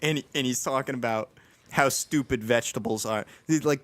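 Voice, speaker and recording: Man, podcast host, casual chat, rambling, restarts, mid pitch. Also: moderate pace, fairly bright tone, no room sound. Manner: rambling, with many restarts and fillers.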